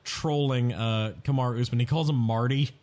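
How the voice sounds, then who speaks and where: A man's voice: medium pitch, fairly even intonation, moderate pace, a little mellow. A man co-hosting a casual podcast chat, swearing freely and mimicking the people he talks about. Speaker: podcast co-host.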